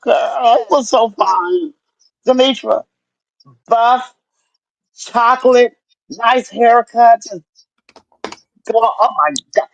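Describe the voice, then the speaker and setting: A woman on a video call, telling stories in a casual chat, animated and laughing with lots of swearing. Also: fairly high pitch, slow, pauses often, no room sound. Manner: animated, laughing, profane storyteller. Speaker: guest recovering at home. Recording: dull lo-fi dry sound.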